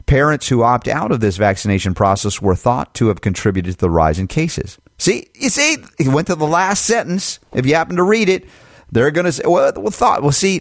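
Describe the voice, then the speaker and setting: Male talk host, sarcastic, lively swooping pitch, dry close sound, rhetorical questions. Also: no echo. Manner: sarcastic, swings into mocking high voices; emphatic, building rhetorical questions. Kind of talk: opinionated talk-radio monologue.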